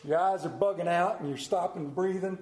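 A middle-aged male pastor delivers a sermon in a noticeably high voice. He tells stories in an animated way and asks his listeners questions. The recording carries the roomy echo of a church. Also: a little fast. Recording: echoey church room.

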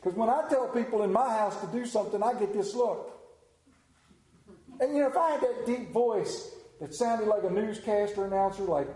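A male pastor delivers a sermon, reading scripture, leading prayer and telling stories in a conversational, lightly humorous style with self-deprecating jokes. His voice is high-pitched and mellow at a moderate pace, captured in an echoey room on a low-quality recording.

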